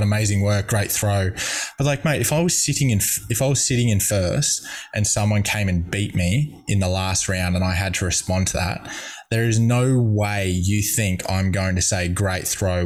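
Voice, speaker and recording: A young Australian man, a guest athlete, telling rambling, cheeky stories in casual chat. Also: low-pitched. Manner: cheeky, rambling, lots of fillers.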